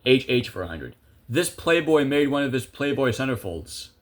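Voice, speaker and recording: A man's voice: medium pitch, sing-song, moderate pace. A young man commentating a video game casually, chatty and self-amused, thinking aloud with lots of fillers. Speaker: gameplay video creator.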